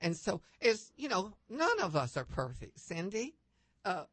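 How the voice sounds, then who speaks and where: A woman guest on a faith-based talk show, telling anecdotes with lively upward leaps in pitch and many restarts. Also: a little slow, husky, dry recording. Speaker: guest panelist.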